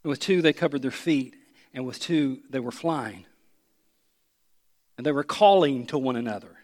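A male pastor preaching a sermon, swinging from loud proclamation to soft, intimate asides. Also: medium pitch, normal speed, pauses often, in a large hall.

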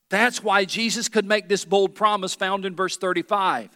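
A man's voice: high voice, steady tone, moderate pace, hardly any pauses, sharp tone. A man preaching a sermon as pastor in a large church, emphatic and calling out questions to the congregation. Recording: long hall reverb in a large church.

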